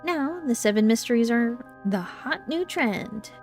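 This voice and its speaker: A woman's voice: on the high side, animated, unhurried, faint music behind. A woman streamer reading game dialogue aloud and reacting, easily frightened and jumpy. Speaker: streamer playing a horror visual novel.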